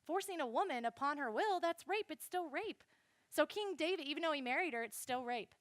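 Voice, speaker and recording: A young woman giving a classroom Bible lesson, animated and speaking straight to her listeners. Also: high voice, brisk, no echo, clean studio sound. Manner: animated, addresses listeners directly.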